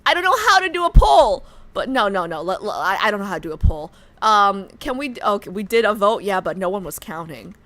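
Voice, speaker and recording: A woman livestreamer chatting excitedly with her chat and reading game text aloud in a casual, chatty way. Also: mid-range voice, fairly quick.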